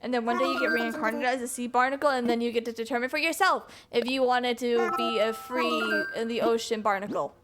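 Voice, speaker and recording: Her voice is on the high side and fairly even, moving fairly quickly with hardly any pauses. She's a woman chatting casually while streaming a video game, playful and rambling, chuckling to herself over faint game music.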